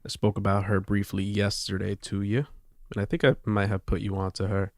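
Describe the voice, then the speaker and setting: A man co-hosting a podcast in a casual, relaxed way. He laughs easily. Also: lowish voice, brisk, no echo, clean studio sound. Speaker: podcast co-host. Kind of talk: casual chat.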